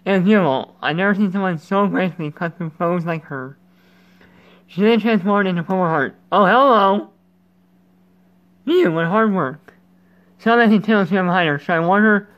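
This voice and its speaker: A man's voice: high voice, normal speed, long pauses, muffled recording. Rambling young gamer guy. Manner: rambling, self-interrupting, goofy. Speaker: gaming channel host. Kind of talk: casual let's-play commentary.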